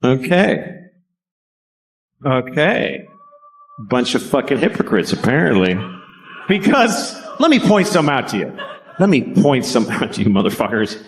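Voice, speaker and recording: A man doing a stand-up comedy set, swearing freely, with deadpan asides and sudden high-pitched outbursts. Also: unhurried, pauses often.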